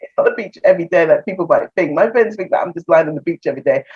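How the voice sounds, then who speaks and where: A woman's voice: on the low side, very fast, breathy edge. A woman from England with an English accent, a counselor chatting as an interview guest, laughing often and acting out conversations. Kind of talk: casual video-call interview. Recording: muffled lo-fi audio.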